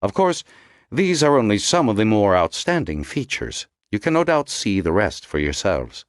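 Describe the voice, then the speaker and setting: A man voicing a soft-spoken older male medical examiner with a Dublin Irish accent, precise and lecturing. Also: lowish voice, sing-song, moderate pace, no echo, clean studio sound, voice pushed up. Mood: pleasant, precise. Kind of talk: audiobook character voice.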